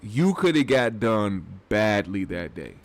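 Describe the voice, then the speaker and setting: A man's voice: lowish voice, very animated, unhurried. A man hosting a casual commentary show, talking in a loose, rambling and profane way. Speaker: host.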